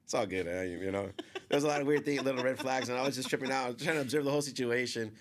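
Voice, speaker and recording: A man's voice: medium pitch, very fast. A man telling a long story in a casual podcast chat, rambling, full of fillers, and often quoting what others said.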